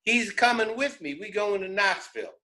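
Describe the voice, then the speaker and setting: A man voicing a cheerful rural man, talking high and eager. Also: lively intonation, brisk, bright, forceful tone. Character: cheerful rural adult man greeting his cousin.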